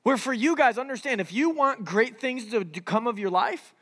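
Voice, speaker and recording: A young man preaching to a youth group in a casual, animated way, peppered with "like" and "right?". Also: very high voice, normal speed, big-room sound. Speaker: youth pastor. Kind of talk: sermon.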